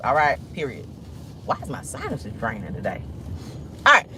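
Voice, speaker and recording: A woman hosting a casual gossip vlog, telling stories in a sassy, animated way while driving. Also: low voice, brisk, a crowd in the background. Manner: animated, sassy, swearing storyteller. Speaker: host. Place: in a car, driving.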